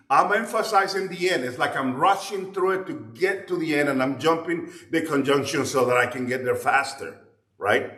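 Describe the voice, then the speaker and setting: A man's voice: mid-range voice, a bit bright. A man giving a Bible teaching class, explaining in a patient way and often repeating words while he searches for the next one. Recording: roomy echo.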